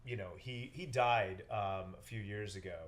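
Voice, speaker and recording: A man's voice: on the low side, normal speed. A young man, a real estate agent, telling stories in a casual interview and acting out the people in them. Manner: animated storyteller, acts out quotes.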